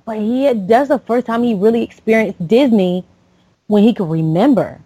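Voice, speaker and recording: A woman's voice: a little high, normal speed, mellow, husky, no room sound, poor audio. A woman in her late thirties from Florida, a podcast host telling a personal story with lots of fillers and restarts. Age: late 30s. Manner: rambling, with many fillers and restarts.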